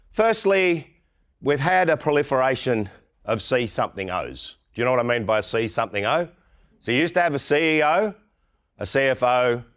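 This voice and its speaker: A man's voice: mid-range voice, fairly bright tone. Blunt, irreverent Australian man giving a keynote. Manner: blunt and irreverent, mocking mimicry of colleagues. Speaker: keynote speaker. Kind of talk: conference keynote talk.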